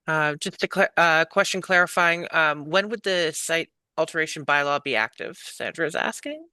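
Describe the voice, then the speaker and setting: A man with a bright, fairly high voice moderates an online public meeting. He reads out attendees' questions in a friendly, upbeat way, and the recording is dry with no room sound. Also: normal speed, smooth, dry recording.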